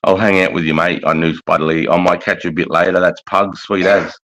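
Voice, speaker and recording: A man's voice: low-pitched, fairly even intonation, a little fast, a bit bright, rough recording. An Australian man hosting a livestream chat, laid-back, matey and swearing freely. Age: adult with a young son. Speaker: livestream host.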